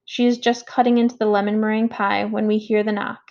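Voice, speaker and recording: A woman reading a first-person story aloud as an audiobook narrator, in a measured, reflective way. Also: mid-range voice, little pitch movement, a little mellow, lo-fi sound.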